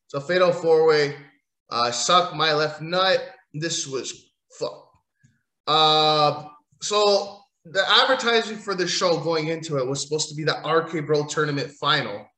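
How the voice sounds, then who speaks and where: A man rants in a bright, slightly higher voice, sarcastic and rambling, swearing freely as he recaps a wrestling show. His voice rings around an echoey room. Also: a little slow. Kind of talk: casual profane rant recap.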